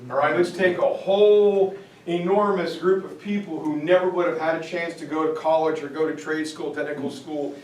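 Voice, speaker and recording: A man giving a history lecture to parents, telling stories in a casual, lively way. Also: on the high side, moderate pace. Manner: casual, animated storytelling. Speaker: high school teacher giving a parent lecture. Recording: echoey room, distant mic, faint noise.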